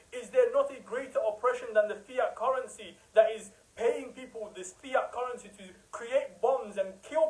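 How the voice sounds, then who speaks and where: A man's voice: very high voice, dark tone, rough recording. A man giving an impassioned religious talk, emphatic and rhetorical, sometimes mocking the people he criticizes. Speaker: preacher.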